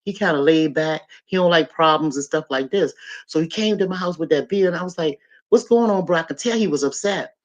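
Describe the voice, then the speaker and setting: A middle-aged woman hosting a podcast, telling a story in an animated, emphatic way and talking straight to her listeners. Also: deep voice, fairly quick. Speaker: podcast host. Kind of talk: casual storytelling chat. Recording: dull lo-fi sound.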